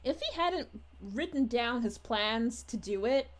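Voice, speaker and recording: Speaking in character on a livestream, a woman reads chat as a sweet, bubbly young princess who gushes and giggles in a sing-song style. Her voice sits on the high side, animated but at a measured pace.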